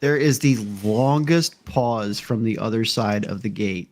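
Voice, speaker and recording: A man serving as game master, narrating a tabletop game in a relaxed, plain-spoken way. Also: fairly low pitch, measured pace.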